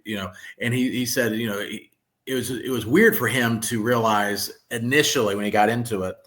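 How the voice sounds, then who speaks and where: A man hosting a casual podcast chat. He is relaxed and joking, and encourages his guest. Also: medium pitch, fairly quick. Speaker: podcast host.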